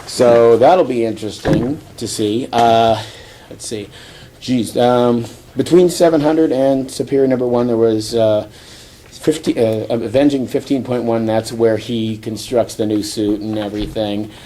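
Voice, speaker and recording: A man with a mellow, warm voice hosts a podcast and rambles through a comic book recap. He talks loosely with fillers and restarts, chuckles often, and now and then jumps into short character voices. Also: medium pitch, fairly even intonation, measured pace, a little hiss or hum. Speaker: podcast host. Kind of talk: casual comic book review chat.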